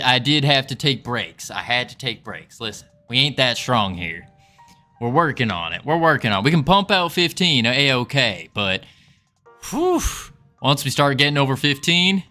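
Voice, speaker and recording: A man's voice: mid-range voice, sharp tone. A man streaming live and chatting with viewers in a put-on Southern drawl, folksy and joking, laughing often. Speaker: livestreaming game developer. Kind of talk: casual livestream chat with viewers.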